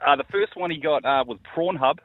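A man's voice: on the high side, a little fast, heavy background noise. A man, a cheerful radio caller telling a story. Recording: tinny phone line with studio chatter.

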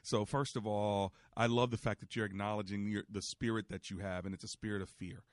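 A man's voice: lowish voice, flat delivery, a little fast, no room sound, clean studio sound. A man hosting a faith-based call-in radio show, talking in an emphatic, preachy way and quoting scripture.

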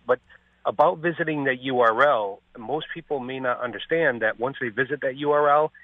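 A man's voice: medium pitch, a little fast, no echo. Male caller on a tinny phone line. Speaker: radio caller. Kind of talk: phone-in story.

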